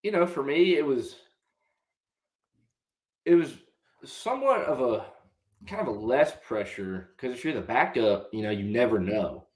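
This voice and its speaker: A man's voice: mid-range voice, sing-song, measured pace, long pauses. A young man in his twenties, a podcast guest and former college quarterback, telling a long story in a casual way and answering politely with "yes, sir.". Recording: roomy echo.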